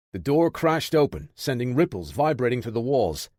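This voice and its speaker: A man narrating a military action audiobook in a steady, measured reading. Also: medium pitch, no room sound, clean studio sound. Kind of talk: scripted narration.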